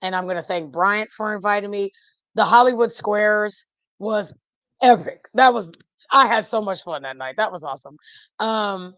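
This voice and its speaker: A woman, a podcast guest chatting casually about football, animated and laughing often, trailing off mid-thought. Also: mid-range voice, moderate pace, no room sound. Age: 40s. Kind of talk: casual fan chat.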